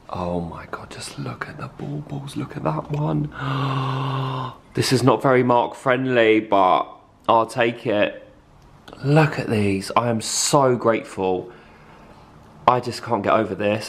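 A young man filming a casual vlog in his flat, gushing and excitable as he talks to viewers. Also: on the low side, distant mic. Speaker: vlogger. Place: flat, indoors. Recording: echoey room.

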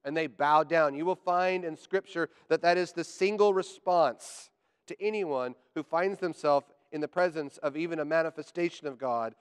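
Guy preaching a sermon, lively w jokes, kinda high clear voice, big echoey church. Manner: animated, joking asides, rising to emphatic declarations. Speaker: pastor. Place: church sanctuary. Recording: church hall with long reverb.

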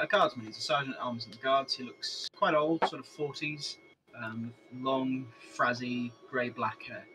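A man's voice: medium pitch, pushed and bright, slight background noise, poor audio. A man describing his character to other players in a casual online tabletop game session.

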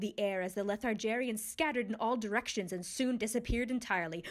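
A woman librarian reading a children's book aloud with gentle, expressive storytelling and then asking the young listeners questions. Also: fairly high pitch, fairly quick, hardly any pauses, a little hiss or hum. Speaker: library book club reader.

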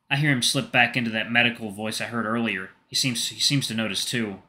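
Brief: male let's-play reader, mid pitch, very bright tone, calm with casual asides. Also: a little fast, hardly any pauses. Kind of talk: reading a visual novel aloud.

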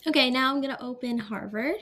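A woman's voice: high voice, fast talker, sharp tone. A young woman in her late teens vlogging in a casual, chatty way, filling her talk with ums as she walks through each step. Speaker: vlogger opening college decisions. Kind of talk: casual chat to camera.

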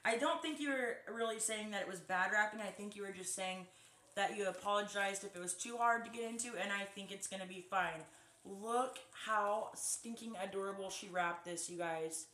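A woman's voice: mid-range voice, normal speed. A woman chatting casually to her phone camera as she opens fan mail, gushing and exclaiming over each gift. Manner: gushing, excitable, lots of exclamations. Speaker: vlogger opening fan mail. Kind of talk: casual unboxing chat to camera. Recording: echoey room.

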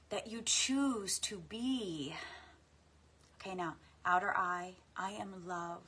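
A woman guiding a tapping meditation, speaking affirmations slowly and softly with deep sighs between them. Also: breathy edge. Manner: slow, soft and soothing, with frequent deep sighs. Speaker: guided tapping practice leader.

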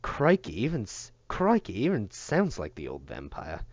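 A man's voice: on the low side, huge pitch swings, moderate pace, dry recording, muffled recording. A man doing a jumpy farm patrolman. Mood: startled.

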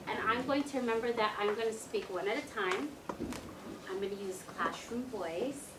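High-voiced teacher in an echoey classroom. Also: female voice. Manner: slow, clear instructions to children. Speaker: first grade teacher. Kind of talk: classroom lesson. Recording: echoey classroom, distant mic, noisy.

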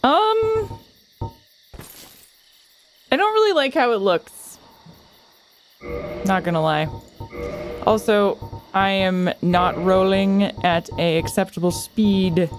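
A woman's voice: mid-range voice, expressive, slow, pauses often, music in the background. A woman casually commenting on her own video game play, chatting to the enemies and exclaiming at close calls. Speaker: gamer streamer.

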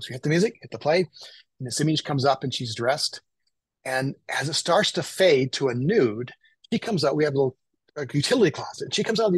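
A man, telling lively anecdotes as a photographer guest and acting out what people said. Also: mid-range voice, husky, no room sound, poor audio. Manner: animated anecdotal, acts out quotes. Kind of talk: casual storytelling.

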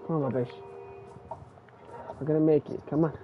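A young man giving casual live commentary while playing a game, excitable and swinging between muttering and squealing. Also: fairly high pitch, moderate pace, faint music behind. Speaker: gaming streamer. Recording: tinny phone-like stream audio, faint noise.

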